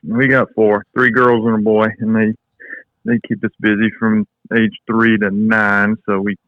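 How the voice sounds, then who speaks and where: A man's voice: fairly low pitch, level tone, unhurried, dry recording. A man in his thirties with a Southern US accent, an easygoing, plainspoken podcast guest. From Alabama, US. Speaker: guest, lawn care business owner. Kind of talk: casual interview chat. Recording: dull lo-fi call audio.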